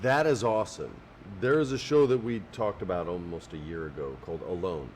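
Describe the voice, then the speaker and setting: A man's voice: sits low, fairly quick, slight background noise. A man co-hosting a podcast, chatting casually and swearing freely. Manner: swears freely, acts out quoted people in animated voices. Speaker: podcast co-host. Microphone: podcast studio mic.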